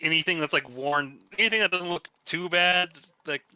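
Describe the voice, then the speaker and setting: A man's voice: a little high, normal speed, pushed and bright, clean tone, no echo, rough recording. A man playing a tabletop game, talking hesitantly and restarting his phrases. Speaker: player. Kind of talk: casual tabletop play.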